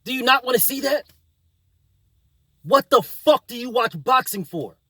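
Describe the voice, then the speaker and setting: A man's voice: very high voice, lively intonation, measured pace, bright, forceful tone, breathy edge, no echo. A man hosting his own boxing channel, delivering a combative, profane opinion rant full of repetition.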